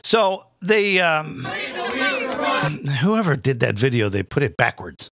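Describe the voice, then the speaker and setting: A man's voice: a little high, very animated, takes it slowly, over loud music. A man hosting a live comedic rant, crude, sarcastic and exasperated. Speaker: comedian host.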